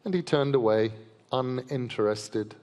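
A man reads a myth aloud to a festival audience, measured and vivid in his telling. His voice sits at a middle pitch. It carries a long reverb from the large hall he is reading in. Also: a little mellow. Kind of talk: storytelling reading to a live audience.

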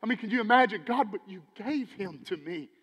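A man preaching a sermon as pastor, animated, swinging between loud emphasis and quiet asides. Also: high voice, a little fast. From Texas. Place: church sanctuary. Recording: church hall with long reverb.

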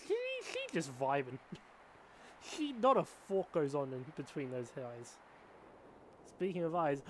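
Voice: mid-range voice, a little hiss or hum. A gaming creator giving casual, rambling commentary while playing a handheld game, often laughing at their own slips. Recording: game music playing behind. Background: game music.

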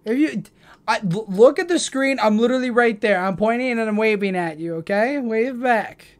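A woman's voice: fairly high pitch, normal speed. Chatty young woman streaming. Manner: chatty and affectionate. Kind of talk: casual livestream chat.

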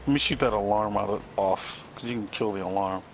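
A man playing a co-op game with a friend, relaxed and planning moves, retelling mishaps with amused disbelief. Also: lowish voice, brisk, highs cut off, slight background noise. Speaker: co-op player. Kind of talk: casual co-op gameplay chat.

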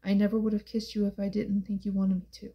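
A woman reading a hushed brooding young man. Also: level tone, fast talker, muffled recording, lightly acted. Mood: soft, wry. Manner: soft, hushed and low-key. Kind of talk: audiobook character voice.

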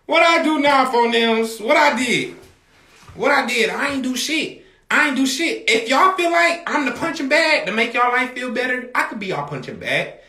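Loud, high-pitched rambling man on a livestream. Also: lively intonation, normal speed, echoey room. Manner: loud, rambling, often shouting, profane. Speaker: rapper hosting a livestream. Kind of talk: casual livestream talk to viewers.

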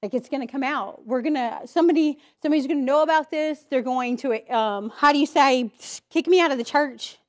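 A woman's voice: high voice, a little fast, hardly any pauses. A woman sharing a candid personal testimony at church, telling her story with emotion and acting out her own inner voice. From Idaho, US. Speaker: church speaker giving testimony.

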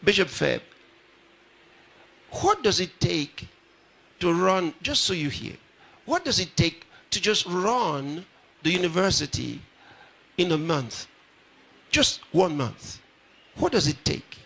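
A man's voice: high voice, sing-song, takes it slowly, vocal fry, pauses often, a bit bright, slightly rough. A pastor addressing a live audience at a ceremony, repeating his phrases and putting questions straight to the crowd. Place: large ceremony hall.

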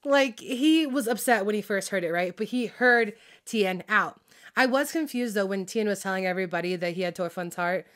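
A woman with a mid-range, slightly bright voice talks at normal speed in her heated vlog about a TV drama. She swears nonstop, uses lots of fillers, laughs as she vents, and gets frazzled, losing track of who's who by name.

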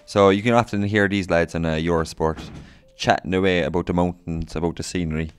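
An Irish man co-hosting a podcast, teasing his friend in quick casual banter. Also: deep voice, fairly even intonation, smooth, no room sound. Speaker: podcast co-host. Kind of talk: casual chat.

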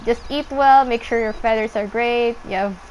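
A young woman casually commenting on her gameplay, chatting to the animals on screen and squealing when excited. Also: fairly high pitch, normal speed, a little hiss or hum, poor audio. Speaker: gameplay streamer.

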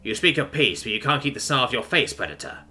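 A man voicing a suspicious alien officer who speaks in a low, accusing tone. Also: animated, fast, bright, forceful tone, soft background music.

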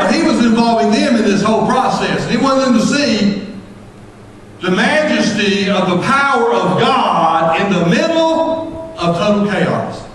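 A man preaching a sermon as pastor, folksy and impassioned, rising to shouts at his peaks. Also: high-pitched, slight background noise. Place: church sanctuary. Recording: echoey church hall from far off.

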